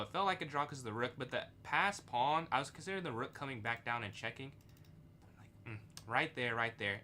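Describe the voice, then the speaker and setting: A man's voice: medium pitch, slight background noise. A young man streaming chess live, thinking aloud about his moves and answering chat. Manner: thinks aloud, reads chat, excitable outbursts.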